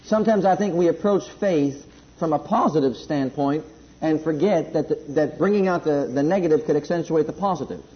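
A man preaching a sermon, emphatic at times and then dropping to a soft, slow delivery, in a dull lo-fi recording. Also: fairly high pitch. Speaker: pastor.

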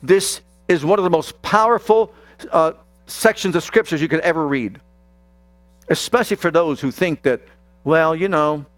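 A man's voice: on the high side, a bit bright, no room sound, soft background music. A man preaching a sermon, speaking emphatically and addressing the congregation directly. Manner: slow, emphatic, talks straight to the congregation.

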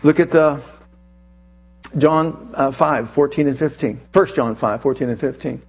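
A male preacher giving an animated sermon, telling a personal story and reading scripture aloud with emphasis. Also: on the high side, measured pace.

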